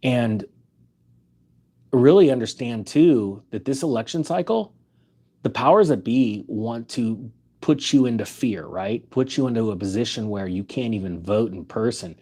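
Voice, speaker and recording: A man's voice: mid-range voice, measured pace, warm tone. A man giving opinionated finance commentary, reading news items aloud and challenging them with emphatic rhetorical questions.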